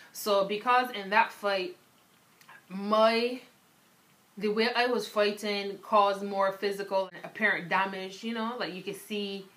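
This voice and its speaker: A woman's voice: medium pitch, fairly bright tone. A young woman from Barbados, with a Barbadian accent that drifts toward American, frankly telling stories to camera and filling her talk with "um" and "like". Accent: Barbadian, shifting toward American. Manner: frank and candid, with lots of fillers like "um" and "like". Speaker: vlogger. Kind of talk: casual storytelling to camera.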